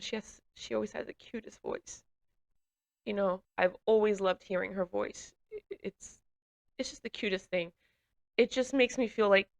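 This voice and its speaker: A woman's voice: mid-range voice, creaky, a bit bright. A woman giving an emotional personal testimony, speaking hesitantly with many fillers and restarts. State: emotional, runny nose. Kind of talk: personal testimony, reflective storytelling.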